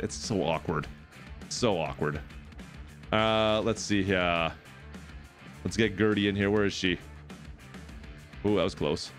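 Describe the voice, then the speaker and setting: A man streaming live farm gameplay, chatting excitably with his viewers and talking to the game. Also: fairly low pitch. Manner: excitable, chatty, talks to chat.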